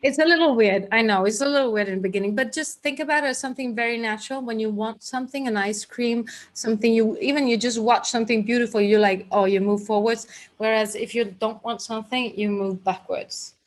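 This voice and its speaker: Woman teacher, fairly high voice, chatty and guiding, live group class. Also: fairly even intonation, a little fast, hardly any pauses. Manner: chatty and guiding, with frequent restarts. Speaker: workshop teacher.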